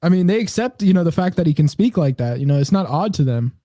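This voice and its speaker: Young man, podcast co-host, mellow tone, fairly high voice, rambling casual chat. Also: animated, fast talker, dry recording, studio quality. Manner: rambling storyteller, many fillers.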